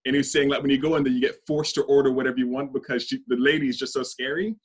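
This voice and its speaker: A young man, chatting on a podcast in a relaxed, rambling way and laughing often. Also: mid-range voice, very fast, slight background noise. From London. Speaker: podcast host. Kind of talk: casual chat.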